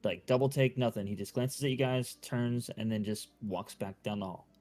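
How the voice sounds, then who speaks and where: A man's voice: on the low side, moderate pace, darkish tone. A man running a tabletop game as game master, narrating loosely with many fillers and restarts.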